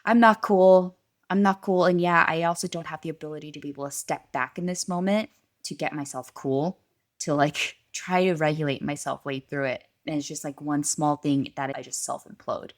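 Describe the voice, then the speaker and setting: A woman in her thirties co-hosting a parenting podcast, talking casually and acting out scenes with laughter. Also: brisk. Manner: animated, acts out her kids and herself in high voices, laughs often. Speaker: podcast co-host. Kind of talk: casual chat.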